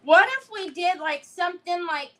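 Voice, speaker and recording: A woman's voice: very high-pitched, normal speed, sharp tone, rough recording. A woman hosting a live crafting stream, chatting casually, giggling often and greeting viewers by name. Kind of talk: casual livestream chat while crafting.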